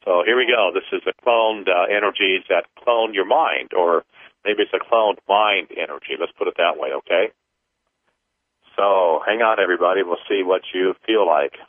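A man co-hosting a paranormal talk show, speaking haltingly with many fillers and restarts, then slowly leading listeners through a counting exercise. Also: low-pitched, dry recording. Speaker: radio show co-host. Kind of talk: casual paranormal talk and guided counting session. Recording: tinny phone-line sound, dry.

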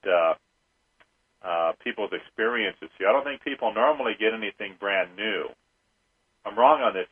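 A man hosting a call-in radio show, talking slowly and hesitantly with many fillers. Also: lowish voice, slightly rough. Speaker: radio talk show host. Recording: phone-like narrow band.

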